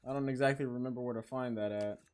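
A man giving casual let's-play commentary, excitable, swearing and reading game text aloud. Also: medium pitch, fast, clear, resonant tone. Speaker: gaming channel host.

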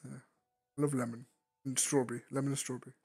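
A man's voice: medium pitch, flat delivery, fast talker, gravelly, darkish tone, husky, no room sound. A man hosting a casual VR game chat, playful and teasing as he fires off questions. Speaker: host.

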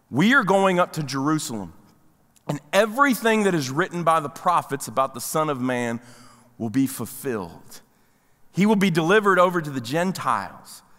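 A man preaches from the pulpit with a high, bright, forceful voice. He is animated and slips into the voices of people in the story as he tells it. The sound carries the long reverb of a church sanctuary. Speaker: pastor. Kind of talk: sermon.

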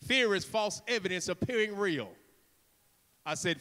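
High-voiced, impassioned male preacher. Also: expressive, normal speed. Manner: impassioned and theatrical, acts out the story with shouts; urges the congregation with repeated calls. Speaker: guest preacher. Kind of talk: sermon. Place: church sanctuary. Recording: long reverb of a church hall.

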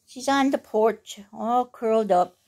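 A woman's voice: on the high side, measured pace, a little mellow. A woman reading a bedtime picture book aloud at home, stopping for chatty asides to her dog. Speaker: reader of a children's picture book.

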